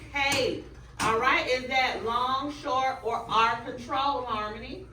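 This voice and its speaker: Bright-voiced woman leading a classroom drill. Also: sits high, fairly even intonation, takes it slowly, a little hiss or hum. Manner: stretches out target words clearly. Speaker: student teacher. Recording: echoey room, mic far off.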